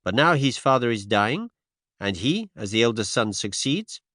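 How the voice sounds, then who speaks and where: A male narrator voicing a fastidious older Belgian detective who speaks courteously and drops French words. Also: mid-range voice, very animated, fairly bright tone, no room sound, clean studio sound. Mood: thoughtful. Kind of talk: audiobook character voice.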